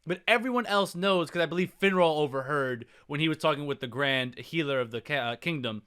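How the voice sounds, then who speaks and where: A man on a casual podcast, telling a story in an animated way with casual swearing. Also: on the high side, fairly quick, smooth. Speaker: podcast co-host.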